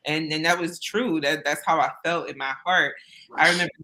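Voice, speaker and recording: A woman's voice: low-pitched, fairly even intonation, a little fast, bright, forceful tone, rough recording. A woman guest telling her own story in an interview, earnest and candid with casual phrasing. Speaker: interview guest, business owner. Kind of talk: personal storytelling in conversation.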